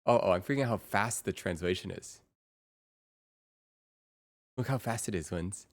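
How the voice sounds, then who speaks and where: A young adult woman livestreaming in casual chat, excitable and quick to repeat herself in bursts. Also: a bass voice.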